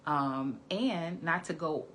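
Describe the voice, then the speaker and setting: A woman therapist speaks in a deep, low register. She coaches the listener directly and in earnest, with a relaxed, conversational flow. She often pauses to check in with "okay?". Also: slight background noise. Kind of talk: conversational advice talk to camera.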